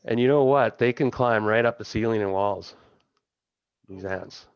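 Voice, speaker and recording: A man's voice: fairly low pitch, normal speed, clean tone, no echo, lo-fi sound. A man casually running a tabletop game as game master, thinking aloud and laughing along with his players.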